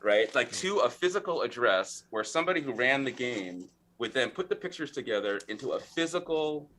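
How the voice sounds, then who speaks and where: A man in his forties, a podcast guest, telling a story in a chatty, animated way, acting out lines of old game text. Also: medium pitch, a little fast, a little hiss or hum. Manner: chatty, full of fillers and "right?". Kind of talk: conversational storytelling.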